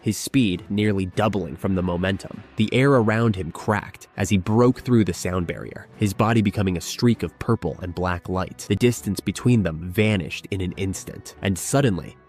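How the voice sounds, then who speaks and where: Low-voiced male action-story narrator. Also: normal speed, few pauses, faint music behind. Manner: dramatic, steady action narration. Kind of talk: scripted fan-fiction narration.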